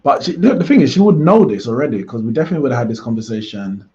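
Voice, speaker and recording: Lively chatty man, dull stream audio. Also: mid-range voice, rapid-fire. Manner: chatty, jokey, reacts aloud to play. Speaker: watchalong host. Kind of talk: live match watchalong commentary.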